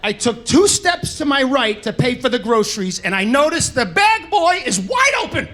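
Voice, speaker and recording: A man doing stand-up storytelling, shouting punchlines and acting out the people in his stories. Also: extremely high pitch, moderate pace. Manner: animated, shouts punchlines, acts out characters. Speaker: stand-up comedian. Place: comedy stage.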